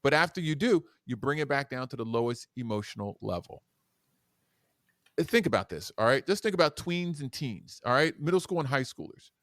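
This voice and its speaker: Clean studio sound and a dry recording capture this man, a guest educator and speaker on a podcast interview. He talks fairly quickly at a medium pitch, animated and demonstrative, his volume shifting between loud and soft.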